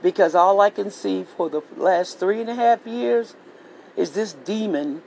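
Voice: mid-range voice, unhurried, creaky, darkish tone, a little hiss or hum, rough recording. A vlogger delivering a heated political rant monologue, swearing freely and repeating phrases for emphasis. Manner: profane, repetitive, heated ranting.

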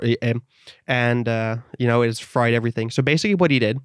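A man's voice: medium pitch, fast, clear, resonant tone, no room sound, studio quality. A man from the Netherlands telling a long story in casual podcast chat, acting out the quoted voices of others.

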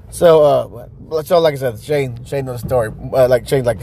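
A man's voice: sits high, expressive, normal speed, warm tone. A man in his thirties telling a long, rambling, profane story to his viewers, laughing now and then. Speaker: vlogger.

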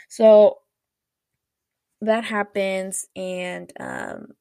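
A woman with a mid-range voice and a gravelly, fry-tinged edge chats her way through a plot recap. She rambles, leans on fillers, and slips in the characters' lines as she goes. The recording is close and dry, with no room sound. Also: mid-range voice, measured pace, darkish tone, dry recording. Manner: chatty, rambling, heavy on fillers like "like" and "you know"; retells scenes with quoted dialogue. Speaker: podcast host.

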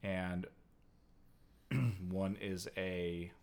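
A man's voice: sits low, steady tone, extremely slow, a little mellow. A man casually retelling a story to a co-host, rambling with lots of fillers. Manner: rambling, heavy use of "like". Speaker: podcast co-host.

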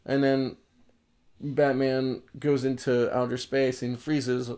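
A man's voice: mid-range voice, little pitch movement, takes it slowly, darkish tone, clear, resonant tone. A man co-hosting a casual chat, retelling a comic in a rambling way with lots of fillers. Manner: rambling, many fillers and restarts.

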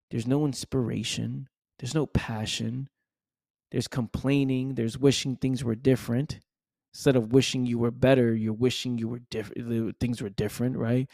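A motivational speaker with a medium-pitched, gravelly, dark voice gives an emphatic monologue, repeating himself and tossing in "right?" and "man" asides. The recording is dry with clean studio sound.

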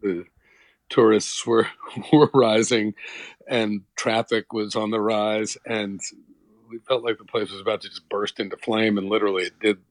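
A middle-aged actor from New Jersey, talking reflectively in a casual interview with many restarts. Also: male voice, lowish voice, dry recording, poor audio. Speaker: actor, guest.

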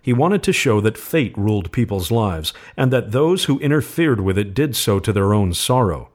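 A man's voice: lowish voice, expressive, moderate pace, darkish tone. A man voicing a grave, haunted old sergeant major. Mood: solemn. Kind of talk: storybook reading.

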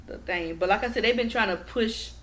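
A woman guest in casual podcast chat, telling profane, animated stories and acting out what people said. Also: medium pitch, brisk. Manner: animated, profane storytelling with acted-out quotes.

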